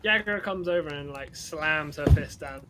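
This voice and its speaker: A man's voice: on the high side, moderate pace, fairly bright tone, slight background noise. A man running a tabletop game on a live stream, narrating loosely with lots of fillers. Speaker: game master. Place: home setup, live stream.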